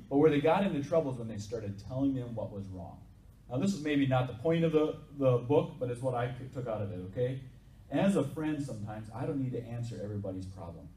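A pastor with a warm, medium-pitched voice preaches a sermon in an echoey hall, keeping it conversational and putting questions to the congregation. The recording comes from a distant mic, with faint background noise.

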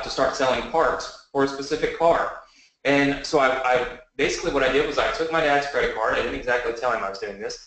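A man in his early thirties giving a motivational webinar pitch, telling his story earnestly and often asking the audience to say yes. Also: fairly bright tone. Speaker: online business presenter. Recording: very echoey room.

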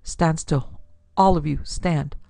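Woman acting desperate cornered man, strained denials, gravelly, dry. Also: deep voice, takes it slowly, warm tone, no echo, full character voice.

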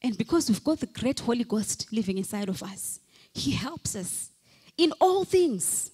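A woman's voice: a little high, big pitch swings, unhurried, warm tone, breathy edge. A woman pastor preaching a fervent sermon, calling out repeated hallelujahs and leading the congregation in declarations. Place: church hall. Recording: long hall reverb from a church.

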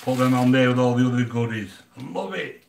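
The audio is roomy, with background noise, as an older English man runs his live cooking channel at a slightly fast clip in a medium-pitched voice. Blunt and casual, he chats with viewers, grumbling and joking throughout.

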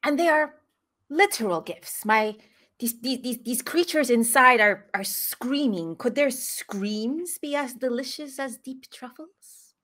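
Theatrical woman player, lively pitch. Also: a little slow. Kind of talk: tabletop role-play, in character.

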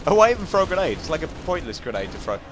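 Racing along with big swings in pitch, this young English gaming commentator has a highish, slightly bright voice, and there's a touch of background noise. His let's-play commentary is casual and jokey, and he addresses the on-screen enemies directly.

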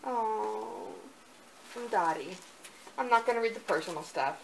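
A young woman speaks at an unhurried pace, gasping and cooing as she unboxes gifts in a casual vlog. Her voice sits in a mid register. A faint hiss of room noise stays under her voice throughout. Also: medium pitch, rough recording. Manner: gushing, excited, breathy gasps. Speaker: vlogger.

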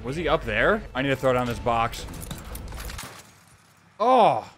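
A young man giving casual, profane commentary over his own gameplay, swinging from muttering to yelling. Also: medium pitch, takes it slowly, a little hiss or hum. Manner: profane, excitable, frequent yelling. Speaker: gaming YouTuber.

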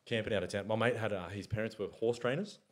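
A man's voice: lowish voice, quick pace. A young Australian man co-hosting a podcast, telling stories in a casual chat, swearing and laughing often. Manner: swears a lot, laughs often, acts out mates' voices in stories. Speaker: podcast co-host.

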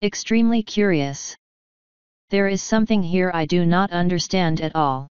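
A polite, perplexed detective speaks softly and deliberately, played by a woman reading aloud. Her voice is low-pitched and very clear. The sound is dry with no room echo. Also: lightly acted. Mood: puzzled. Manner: soft, thoughtful, measured. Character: perplexed, polite male detective, middle-aged. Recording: dull dry recording.

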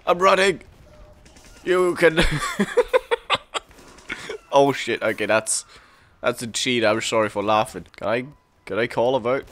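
A young man giving casual, excitable commentary while playing a game, laughing often and calling out to the other players. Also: mid-range voice, normal speed. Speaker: gameplay commentator.

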